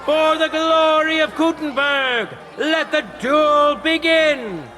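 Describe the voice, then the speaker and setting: A booming tournament herald. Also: male voice, sharp tone, exaggerated voice. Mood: proclaiming. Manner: proclaiming, drawn-out announcer delivery. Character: loud male tournament herald announcing duels.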